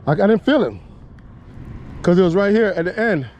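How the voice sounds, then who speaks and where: A man vlogging while bass fishing outdoors, talking casually and excitedly, often repeating himself. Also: a little fast, lo-fi sound, a little hiss or hum. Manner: excited, drawling, repeats phrases. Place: outdoors on the water.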